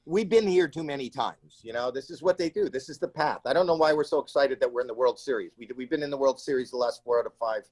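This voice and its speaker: A comedian guest in an interview, telling stories in an animated way and acting out the people in them with sudden shrill cries. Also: male voice, fast, few pauses, no room sound. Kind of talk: animated storytelling in a casual interview. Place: home.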